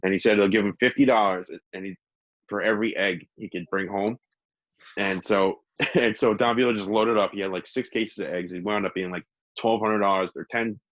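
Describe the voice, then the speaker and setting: A man co-hosting a podcast in casual chat, an animated storyteller who laughs often. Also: on the low side, a little fast, no room sound, lo-fi sound. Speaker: podcast co-host. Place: studio.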